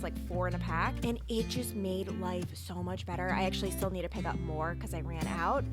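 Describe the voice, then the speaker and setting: A young woman chatting casually in a home vlog, talking in a loose, filler-heavy way full of "like". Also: mid-range voice. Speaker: lifestyle vlogger.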